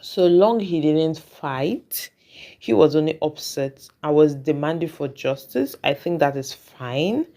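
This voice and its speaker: Chatty commentator, mid-pitched voice. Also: lively intonation, slow, dark tone. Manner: reflective, chatty, keeps checking in with the viewer. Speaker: reaction vlogger. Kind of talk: casual commentary.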